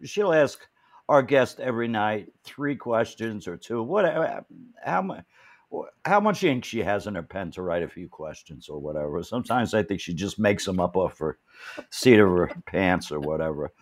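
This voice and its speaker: Lively rambling man hosting. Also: lowish voice, normal speed. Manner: rambling, joking, stumbling restarts. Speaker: host. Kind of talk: casual chat.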